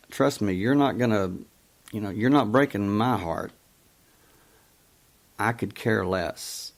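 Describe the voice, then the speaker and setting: Slow, low-voiced male talk show host. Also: darkish tone. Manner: storytelling, quoting past conversations, emphatic. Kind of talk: call-in talk show monologue.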